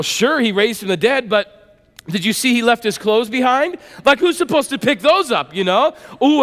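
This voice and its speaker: A man preaching a sermon in a conversational, animated way, acting out the voices of biblical figures. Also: high voice, long reverb tail. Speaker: pastor.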